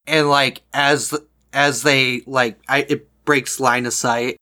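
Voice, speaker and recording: Guy at a tabletop game, slow talker, bright tense voice, rambly jokes. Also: medium pitch, flat delivery. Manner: rambling, jokey, halting restarts. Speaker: player. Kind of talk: casual tabletop play.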